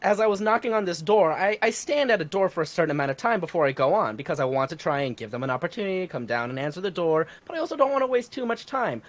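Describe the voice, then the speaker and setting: Woman on a podcast, lively up-and-down voice, swears a lot telling her story. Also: lowish voice, fast talker, hardly any pauses. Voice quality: animated, profane storytelling. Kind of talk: casual chat, storytelling.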